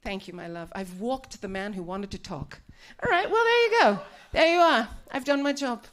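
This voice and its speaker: A woman comedian working a live stand-up set on a club stage, her voice sitting a little high. She is brash and profane, freely teasing people in the crowd between stories. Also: lively intonation, moderate pace, a bit bright.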